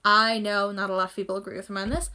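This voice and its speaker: A woman's voice: medium pitch, little pitch movement, fast, sharp tone, clear, resonant tone. A woman rambling enthusiastically as she reacts to an anime episode in a casual vlog, recorded on a phone at home. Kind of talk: casual chat.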